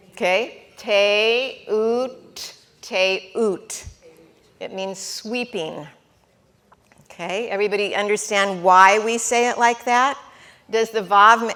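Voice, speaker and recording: A woman leads a classroom Hebrew lesson, speaking at an unhurried pace. Her voice is bright and clear, and she is patient and encouraging, drawing out each syllable and often asking whether everyone follows. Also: mid-range voice. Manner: sounds out syllables slowly. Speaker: Hebrew teacher.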